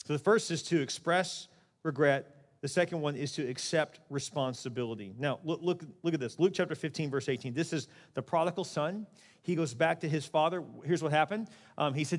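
Male pastor, conversational sermon delivery with acted-out asides, slightly high voice, long hall reverb. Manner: animated, conversational preaching with acted-out quotes.

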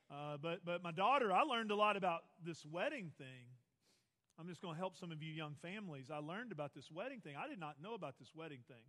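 A pastor in his forties preaching a sermon in a large church, telling stories with animated, self-mocking humor. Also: fairly high pitch. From Texas. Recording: long reverb of a large hall.

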